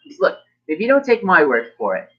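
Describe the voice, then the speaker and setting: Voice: medium pitch, wildly swooping pitch, a little fast, breathy edge, highs cut off, voice pushed up. A game master voicing a friendly, scheming male pirate barkeep in a squid hat who talks in a chatty, persuasive way.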